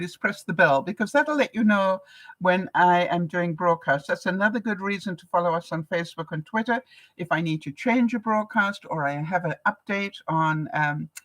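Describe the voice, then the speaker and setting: A woman's voice: lowish voice, poor audio. Older canadian lady vlogging live, chatty, keeps laughing, talks straight to viewers. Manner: chatty, laughs often, animated retellings. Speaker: vlogger hosting a live broadcast. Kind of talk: casual advice chat to viewers.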